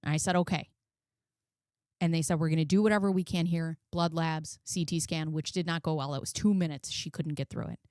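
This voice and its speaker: A woman's voice: low voice, steady tone, a little fast, darkish tone, no echo, clean studio sound. A woman in her forties talking casually and bluntly, swearing often as she tells a personal story on her commentary channel. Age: 40s. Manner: blunt, frequent swearing, emotional. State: close to tears.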